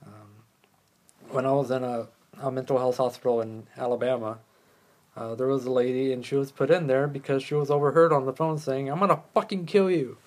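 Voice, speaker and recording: A man's voice: medium pitch, flat delivery, brisk, a little mellow. A man hosting his own talk show alone, speaking in a loose, rambling way with plenty of swearing and jokes at his own expense. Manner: rambling, profane, joking at himself. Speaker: podcast host. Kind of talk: casual solo talk on listening skills.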